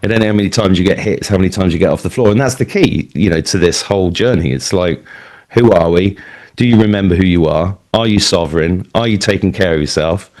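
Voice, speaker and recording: A low-voiced Englishman in his fifties talks fast, his tone on the dark side. Speaking at an event, he rambles through his life story before a live audience, conversational and full of fillers and asides.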